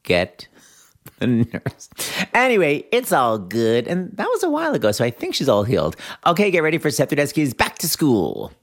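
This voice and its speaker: Animated chatty man hosting a podcast. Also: on the high side, a little fast, few pauses. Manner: animated, chatty, laughs often. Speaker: podcast host. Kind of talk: casual interview chat.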